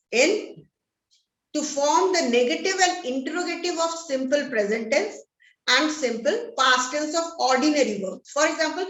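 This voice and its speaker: A high-pitched woman with an Indian English accent teaches grammar at an unhurried pace. She reads each example sentence aloud and stresses the key words. Her voice carries an echoey room sound. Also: fairly bright tone. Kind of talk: classroom-style grammar lesson.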